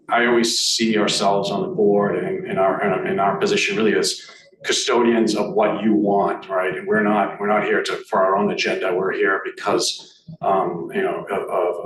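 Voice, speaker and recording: A man with a Boston accent giving a board report at a meeting, halting with many fillers and restarts. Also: lowish voice. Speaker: board director speaking at annual meeting. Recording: echoey room, mic at a distance, faint noise.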